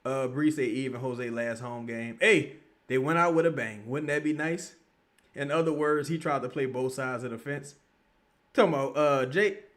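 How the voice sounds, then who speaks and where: A man hosting a casual livestream, reading viewer comments and talking loosely and profanely, jumping between loud outbursts and low mutters. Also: moderate pace. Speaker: livestream host.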